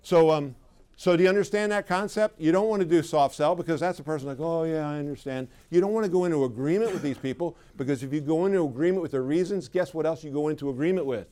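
A man's voice: on the high side, fast, warm tone. Emphatic man giving a sales seminar. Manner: conversational, emphatic, asks the audience questions. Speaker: sales trainer for clinic owners. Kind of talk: live seminar talk to an audience.

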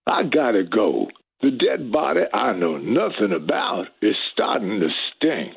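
A man's voice: lowish voice, wildly swooping pitch, measured pace, creaky, slightly rough, no room sound, full character voice. A man voicing a comedy impression of a smug male celebrity suspect, calling in with sly, joking, drawling delivery over a tinny phone line. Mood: sly mockery. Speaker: comedy caller.

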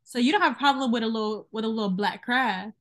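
A woman's voice: fairly high pitch, fast talker. A young woman hosting a podcast, talking in an emphatic, wry casual chat. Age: young adult. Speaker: podcast host.

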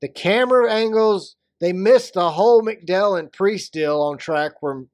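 A man co-hosting a casual podcast, chatting and joking in an animated way. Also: high-pitched, measured pace, dry recording. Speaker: podcast co-host. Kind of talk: casual chat.

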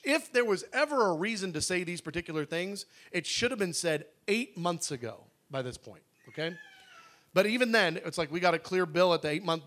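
A middle-aged male pastor with a high, bright voice tells his story in an animated, conversational way. He slips into dialogue often and restarts his sentences along the way. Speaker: pastor telling a testimony.

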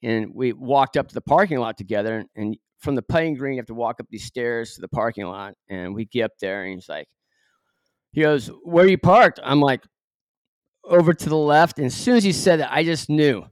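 A man's voice: mid-range voice, animated, brisk, dry recording, studio quality. A middle-aged man from Southern California, a podcast guest telling a story with many fillers and acted-out quotes. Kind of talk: storytelling in an interview.

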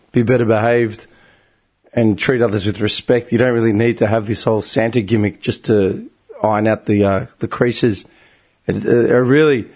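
A young Australian man telling a long, profane and exasperated story in casual talk, his voice getting tired and strained. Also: medium pitch. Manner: profane, exasperated storytelling with bursts of animated outrage. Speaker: group chat regular.

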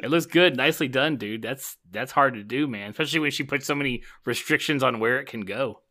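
A man's voice: mid-range voice, fairly quick, sharp tone. A man co-hosting a podcast in casual chat, answering with short supportive remarks and laughing often. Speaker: podcast co-host.

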